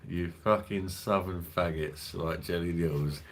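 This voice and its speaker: A man with a London accent and a very deep, low voice talks through a casual livestream. He jokes crudely, swears freely and rambles as he reads out viewer comments. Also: steady tone, measured pace, slight background noise. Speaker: host of a beer review livestream.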